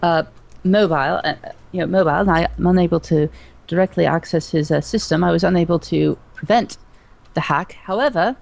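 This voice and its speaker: Woman, stream co-host, hesitant, lots of ums, fairly low voice. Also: gravelly, a little mellow, low-quality recording. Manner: hesitant, halting with many fillers. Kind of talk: casual livestream chat.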